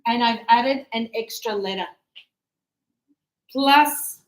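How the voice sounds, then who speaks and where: A woman teaching a grammar class, speaking very slowly and drawing out each key word. Her voice sits a little high. The room is echoey, picked up by a camera across the room. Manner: slow, deliberate, stretching key words. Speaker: English teacher.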